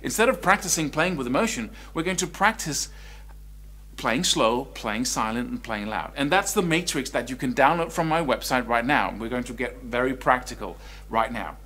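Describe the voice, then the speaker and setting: A man teaching an online guitar lesson, explaining expression in a lively, conversational way. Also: medium pitch, normal speed. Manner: animated, swings between quiet and loud speech to demonstrate.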